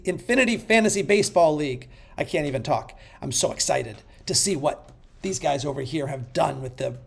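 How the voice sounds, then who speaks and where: Guy hosting a podcast, high gravelly voice, gets shouty then mutters. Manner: swings between hyped shouting and muttered asides. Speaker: podcast host. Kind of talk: hyped power-rankings countdown.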